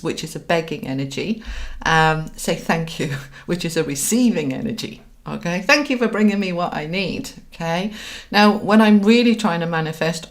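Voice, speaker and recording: A middle-aged woman, hosting a live-stream chat as a spiritual coach, earnest and guiding, often checking in with "all right?" and "okay?". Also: fairly low pitch.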